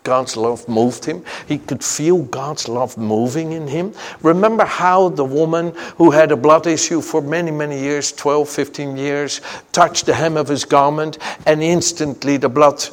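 A man's voice: a little high, measured pace. A man preaching a sermon, fervent and emphatic, weaving personal stories into his message. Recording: long reverb of a large hall.

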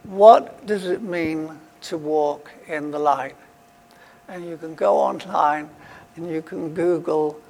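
A man's voice: on the high side, vocal fry. A man preaching a sermon, emphatic and repeating his key phrases for weight. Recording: long hall reverb.

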